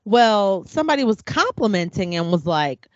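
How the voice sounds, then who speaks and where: A woman's voice: mid-range voice, normal speed, no room sound. A woman in a casual chat, telling stories with animation and acting out what people said. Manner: animated storyteller, acts out quotes. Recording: dull lo-fi dry sound.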